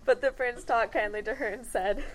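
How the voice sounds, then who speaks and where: A woman's voice: on the high side, steady tone, normal speed, slight background noise, poor audio. A woman narrating a comic fairy tale in a wry tone, correcting herself and the cast along the way.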